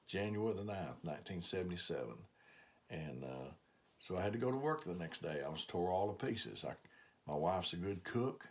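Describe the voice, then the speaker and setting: Older southern guy from alabama preaching, real low voice, folksy story-style with lots of uh's. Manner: plain folksy storytelling, frequent "uh" fillers. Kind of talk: testimony sermon.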